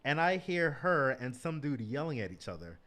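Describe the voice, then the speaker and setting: A man's voice: medium pitch, big pitch swings, normal speed, fairly bright tone. A man in his thirties telling stories as a guest in a casual chat. He swears freely and often says "like" and "bro". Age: 30s.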